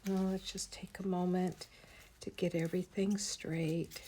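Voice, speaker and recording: A woman's voice: on the low side, little pitch movement, a little slow, dark tone, slight background noise. A woman chatting casually with viewers while teaching a craft on a livestream. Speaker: art teacher.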